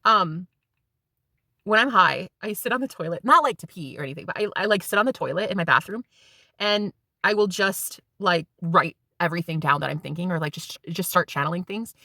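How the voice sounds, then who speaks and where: A woman's voice: on the low side, brisk, pushed and bright, dry recording, clean studio sound. A woman in her thirties telling a rambling, casual story to her vlog viewers and swearing freely. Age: 30s. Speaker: spiritual vlogger.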